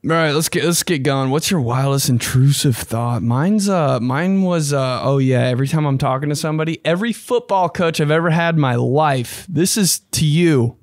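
A young man hosting a casual podcast, talking loosely and profanely and jumping about in pitch. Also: moderate pace, hardly any pauses, no room sound, studio quality. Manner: loose, profane and animated, with sudden jumps in pitch. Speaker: podcast host. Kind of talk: casual solo podcast chat.

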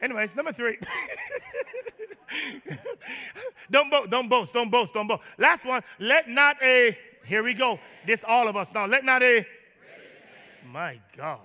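A man preaching a sermon to his church, joking with the congregation and rising to shouts. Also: very high voice, animated, normal speed, big-room sound. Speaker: pastor. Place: large church.

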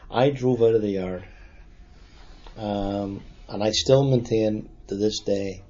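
An older man with a Derry accent tells his memories in a halting, plain-spoken way. His voice sits low and dark and mellow. The recording sounds dull and lo-fi. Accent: Northern Irish, Derry. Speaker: interviewee. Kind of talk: oral history recollection.

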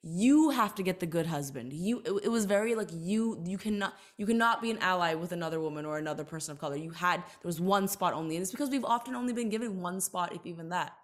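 A woman in her thirties speaking earnestly and reflectively as a podcast interview guest. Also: on the low side. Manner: earnest, reflective, quick to emphasize. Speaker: guest, entertainer and author.

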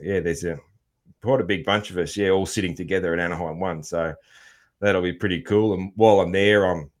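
Australian male podcast host, lowish voice, easygoing and rambling. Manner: laid-back, lots of fillers and restarts. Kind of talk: casual chat.

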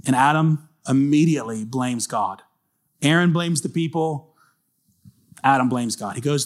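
A man preaches in an easy, conversational way, earnest and direct with his listeners. His voice sits at an ordinary middle pitch. It sounds like a relaxed church talk rather than a formal address. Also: unhurried. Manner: casual, earnest, acts out short quoted lines. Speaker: pastor. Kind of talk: conversational sermon.

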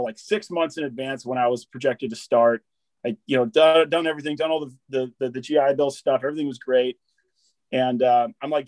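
A man's voice: mid-range voice, darkish tone, no echo. A man in his thirties, a military veteran from Wisconsin, telling a long story in casual conversation, rambling and swearing often with lots of restarts. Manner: rambling, swears freely, repeats and restarts words, says dude and bro.

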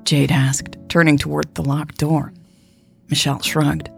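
A woman narrating an audiobook in a measured, even reading style. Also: sits low, gravelly, faint music behind.

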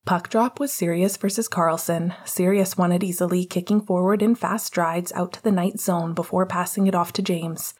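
A woman narrates an audiobook chapter in a steady, even storytelling manner. Her voice sits a little low and sounds husky and breathy. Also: normal speed, few pauses.

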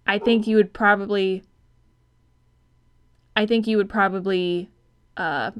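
A woman's voice: medium pitch, fairly even intonation, a little slow, smooth. Rambling, laughing female podcast co-host. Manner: rambling, thinks aloud, profane, laughs easily. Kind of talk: casual film-review chat.

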